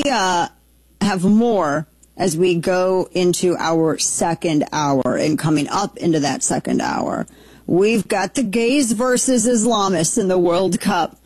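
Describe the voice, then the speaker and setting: A woman hosting a talk radio show, reacting with incredulous, quick asides and restarts. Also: fairly low pitch, darkish tone, slightly rough, no echo. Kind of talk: casual talk radio commentary. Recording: dry studio sound.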